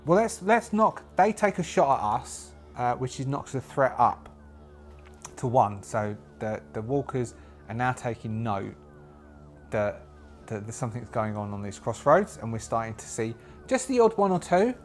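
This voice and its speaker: A man running a solo tabletop session alone, talking through dice rolls and story as he goes. His voice sits in a middle pitch, and he rambles and thinks aloud with plenty of restarts. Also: animated, moderate pace, faint music behind. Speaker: solo game master and player. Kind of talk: solo tabletop game narration.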